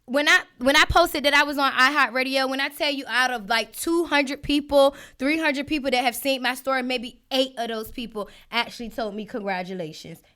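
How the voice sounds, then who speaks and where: A woman talks on her podcast in an animated, casual rant. Her voice sits a little high and sounds bright and crisp. She speaks straight to her listeners and breaks into frequent asides. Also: fairly quick, hardly any pauses. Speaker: podcast host. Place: home setup with listeners joining a live stream.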